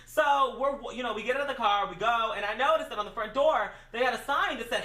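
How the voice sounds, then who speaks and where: Woman storyteller, high and bright, very animated and slangy, recorded a little off-mic in a roomy space. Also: quick pace, few pauses. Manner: animated, slangy, self-mocking. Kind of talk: casual storytelling. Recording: echoey room, mic at a distance.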